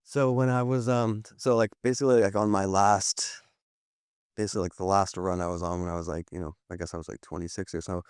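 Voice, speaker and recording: A man's voice: deep voice, fairly even intonation, a little fast, darkish tone, clear, resonant tone, no echo, clean studio sound. A man in his thirties, a podcast guest, telling his story in a candid, rambling way with many fillers and restarts. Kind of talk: candid interview talk.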